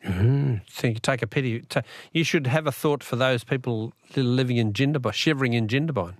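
A man hosting a talkback radio quiz, chatty and quick to laugh as he reads out messages. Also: medium pitch, dry recording, clean studio sound.

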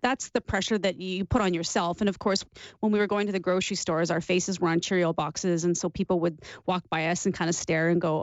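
A woman's voice: fairly low pitch, fairly even intonation, fairly quick, no room sound. Emotional woman recalling memories. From Canada. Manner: warm, emotional, laughs while recalling. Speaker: interview guest, former athlete. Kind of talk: reflective interview storytelling. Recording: dull lo-fi sound.

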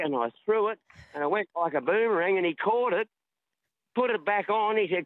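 A man's voice: a little high, animated, moderate pace, no room sound. An older Australian man calling in to a radio show, chatty and rambling as he tells a story while walking in a park. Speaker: caller. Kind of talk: casual phone-in chat. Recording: tinny phone line.

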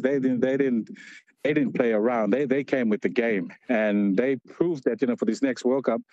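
A man's voice: medium pitch, mellow, no echo. A man reporting as a correspondent on a radio show over a phone call, chatty and laughing often as he tells stories. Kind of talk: casual live report.

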